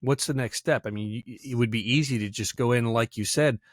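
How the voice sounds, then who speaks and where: A man hosting a casual podcast interview, relaxed and gently teasing his guest. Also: medium pitch, a little fast, dry recording. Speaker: podcast host.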